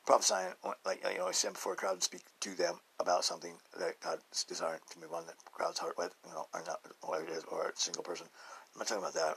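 A deep-voiced man talks his way through a loose, rambling spiritual podcast monologue. His voice has a gravelly fry and a husky, breathy edge. He chuckles often and swings between hushed murmurs and loud outbursts. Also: poor audio. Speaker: podcast host.

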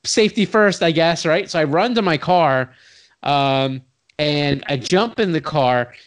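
A man's voice: a little high, a little slow, clean tone. A man, telling a long personal story in casual talk, acting out the voices of the people in it, full of "like" and restarts. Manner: animated, acts out quoted voices with sudden loud jumps; heavy use of "like" and restarts, swears casually. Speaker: guest telling his career story.

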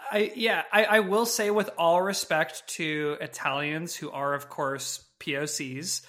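Young male podcast guest, bright tone, rambling joker. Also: on the high side, fairly even intonation, unhurried. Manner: rambling, jokey storyteller. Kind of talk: casual movie-review chat.

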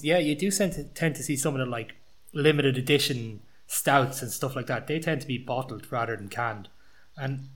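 A man's voice: mid-range voice, fairly bright tone. Man chatting about beer. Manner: joking, rambling, many restarts. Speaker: podcast co-host reviewing beer. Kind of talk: casual chat.

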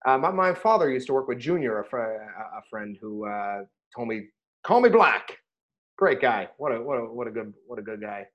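A middle-aged man, a rabbi, chatting casually about scripture and telling stories with lively bursts when he quotes himself. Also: medium pitch, fairly quick, few pauses, highs cut off. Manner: animated storyteller, rises sharply when quoting himself. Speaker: rabbi and podcast host. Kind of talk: casual Torah discussion and storytelling.

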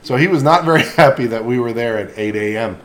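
A man's voice: medium pitch, fast talker. A man hosting a casual chat, telling rambling stories and laughing often. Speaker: podcast host.

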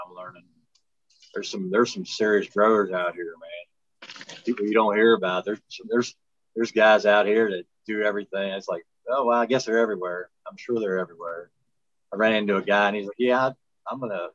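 A man's voice: on the low side, steady tone, fairly quick, a bit bright, dry recording, muffled recording. A laid-back man in a casual chat, laughing and telling stories.

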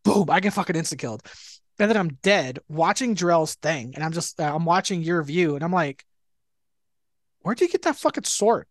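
A man co-hosting a casual gaming podcast, telling rambling, animated stories full of swearing and filler words. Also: on the high side, fairly quick, no echo. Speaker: podcast co-host. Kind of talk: casual chat.

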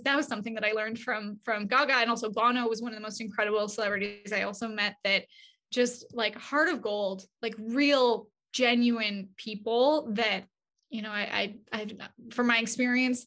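A woman being interviewed, telling stories in a casual, animated way and acting out quoted dialogue. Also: a little high, normal speed. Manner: many fillers and restarts, chatty. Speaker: agency CEO, interview guest. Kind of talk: casual conversational storytelling.

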